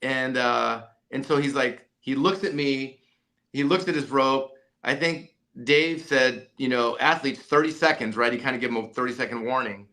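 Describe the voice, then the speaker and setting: Bright-voiced man telling an animated story. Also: mid-range voice, moderate pace. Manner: animated storyteller, many restarts and "right?" tags. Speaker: jump rope company CEO and coach. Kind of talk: storytelling in a podcast interview.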